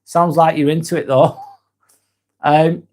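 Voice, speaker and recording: A man's voice: a little high, level tone, slow, a little mellow. A man in his forties with a Northern English accent, hosting a live stream and reading out chat comments, joking and rambling with frequent restarts. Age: 40s.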